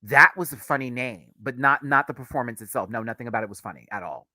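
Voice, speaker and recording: A young man hosting a casual review video, talking in an animated, sassy way with frequent laughter. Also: medium pitch, fast talker, no room sound. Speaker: reaction video host.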